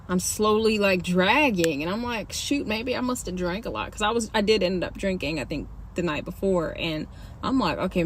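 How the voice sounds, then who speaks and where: A young woman with a middle-range voice recounts her own experience in casual, slangy speech. Her telling is candid and animated, as if she were talking straight to viewers. A faint hum of background noise sits under the recording. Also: medium pitch. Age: young adult. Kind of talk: casual storytelling to camera.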